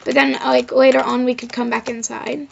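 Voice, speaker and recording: A woman's voice: high-pitched, flat delivery, normal speed, creaky, slight background noise. A female vlogger telling a personal story in a rambling, casual way, filling her talk with "like" and "of course.". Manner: rambling, heavy use of "like" and "of course". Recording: slightly dull lo-fi recording.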